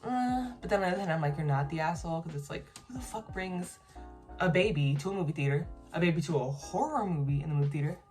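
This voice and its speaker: A YouTuber with a lowish, slightly mellow voice reads online posts aloud and reacts in casual commentary, speaking fast and with animation. She's blunt, swears freely, and laughs and reacts between the lines, with faint music behind her.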